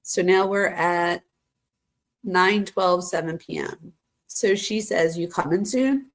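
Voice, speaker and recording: A woman's voice: on the low side, slow pace. A woman hosting a true crime live stream, reading texts aloud and reacting to them in a chatty way, talking straight to her viewers. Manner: chatty, addresses viewers as "you guys", gasps and exclaims.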